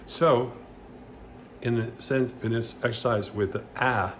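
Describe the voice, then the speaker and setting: A man teaching vocal exercises in a loose, rambling way, with many restarts and loud sung vowel demonstrations. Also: mid-range voice, moderate pace, a little hiss or hum. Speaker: vocal coach. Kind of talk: casual vocal lesson with demonstrations.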